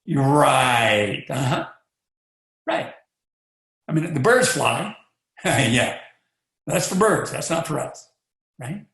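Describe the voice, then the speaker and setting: A man giving a motivational talk, animated and rhetorical, often asking the listener questions. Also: medium pitch, slow pace, gravelly, pauses often. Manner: animated, rhetorical, acts out little voices. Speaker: motivational speaker. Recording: echoey room.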